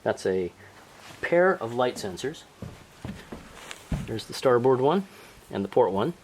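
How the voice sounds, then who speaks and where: A man with a New Zealand accent casually explaining a small robot demo, relaxed and explanatory, on an outdoor deck. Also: medium pitch, slow, slight background noise, low-quality recording. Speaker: hobby robotics demonstrator.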